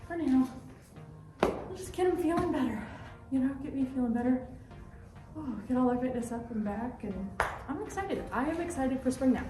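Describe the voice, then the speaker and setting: A woman's voice: sits high, animated, normal speed, pauses often. Tired, chatty woman, echoey and distant. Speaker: horse vlogger. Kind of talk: casual on-location talk. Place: outdoor barn area. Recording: echoey, from a distance, music over. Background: music.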